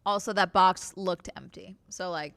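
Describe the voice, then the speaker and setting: A woman streamer chatting casually to her live chat as she reacts to videos, animated and exclamatory, with quick asides. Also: lowish voice, creaky.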